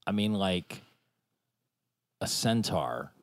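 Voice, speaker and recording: Rambling man with a lively voice. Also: deep voice, takes it slowly, vocal fry, no echo. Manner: rambling, riffing, lots of restarts and fillers. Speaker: podcast co-host. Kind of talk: casual chat.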